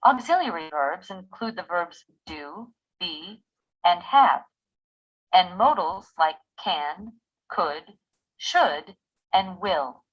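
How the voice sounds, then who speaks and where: A woman reading scripted English course narration in an even, instructive way. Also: fairly low pitch, takes it slowly, dull audio.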